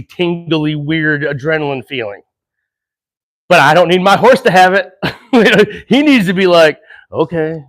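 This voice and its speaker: A middle-aged man training horses and explaining as he works, earnest and animated, chuckling between thoughts and slowing down to calm breaths. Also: high voice. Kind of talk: casual horse-training demonstration.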